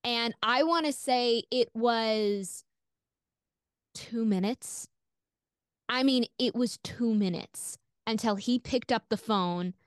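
A woman's voice: fairly high pitch, slow pace, smooth, no room sound, clean studio sound. A woman guest on an interview podcast, telling a personal story candidly, swearing freely and filling her talk with "like". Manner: animated, acts out quoted voices.

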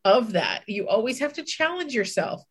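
A woman's voice: fairly high pitch, very animated, moderate pace, slightly rough. A woman co-hosting a podcast, telling a personal story in casual chat, candid, swearing and acting out her own inner voice. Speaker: podcast co-host.

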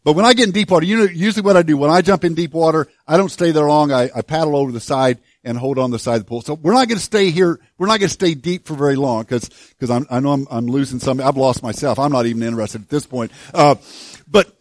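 A middle-aged man delivering a sermon from the pulpit, chatty and self-deprecating, stumbling and restarting as he works through his point. His voice sits a touch higher than most men's, and the sound is dry and close with little room echo. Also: fast talker. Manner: conversational and self-deprecating, with frequent restarts and humor. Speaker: pastor.

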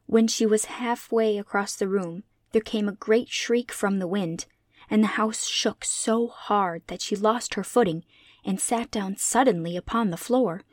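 Female narrator for a classic children's book, steady and clear, dry close recording. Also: mid-range voice, no echo. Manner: measured, clear read-aloud delivery. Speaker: audiobook reader. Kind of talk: scripted storybook narration.

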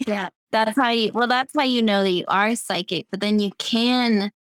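A woman as a podcast guest in casual chat, explaining things slowly and thoughtfully. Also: mid-range voice, smooth, no room sound.

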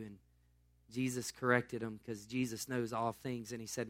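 A man's voice: mid-range voice, steady tone, normal speed. A man pastor preaching a sermon in a casual, storytelling way.

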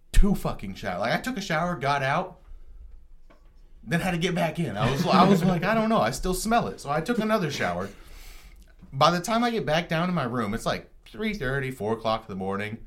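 A man's voice: mid-range voice, very animated, normal speed, long pauses, fairly bright tone. A young adult man telling a story in casual podcast chat, rambling, profane and self-mocking. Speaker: podcast co-host.

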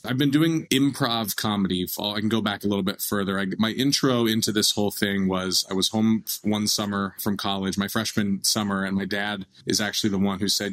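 La guy in his 30s, kinda low voice, rambly animated storyteller on a podcast. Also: brisk, hardly any pauses, poor audio. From Los Angeles. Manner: animated, laughing storyteller with many restarts. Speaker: actor guest. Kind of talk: casual interview storytelling.

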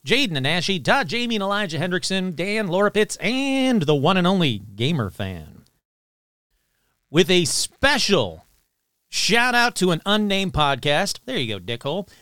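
Man, podcast host, animated pitch, dry close sound, casual chatty delivery. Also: moderate pace, clear, resonant tone, no echo. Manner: chatty, animated, talks to himself.

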